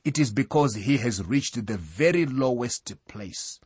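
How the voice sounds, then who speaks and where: A man preaching a sermon in a solemn, deliberate way, reading out scripture references. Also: medium pitch, animated, a little mellow, slightly rough, no echo.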